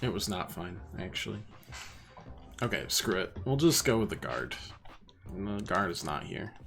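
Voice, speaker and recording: Low-voiced man chatting through a game. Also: very animated, unhurried, creaky, a bit bright, faint music behind. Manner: chatty, reads game menus aloud, self-mocking. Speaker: streamer playing a video game. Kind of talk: casual let's play commentary.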